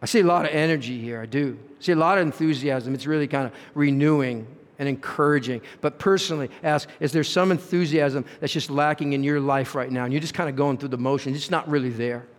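A man's voice: fairly high pitch, fast talker, hardly any pauses. A man preaching a sermon as pastor, earnest, with rhetorical questions and swings in emphasis. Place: church sanctuary. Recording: reverberant church hall.

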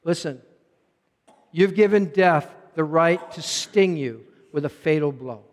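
A male pastor delivers a sermon with a notably high-pitched voice. He swings between raised, emphatic declarations and hushed, low asides. The sound carries the long reverb of a large church hall. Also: slow.

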